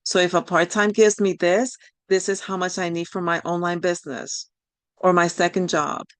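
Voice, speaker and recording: Encouraging woman coach, accented, low-pitched. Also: steady tone, normal speed, no room sound. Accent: non-native English accent. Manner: encouraging, loose and rambling, many fillers and apologies. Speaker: life coach leading a group session. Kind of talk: online workshop talk.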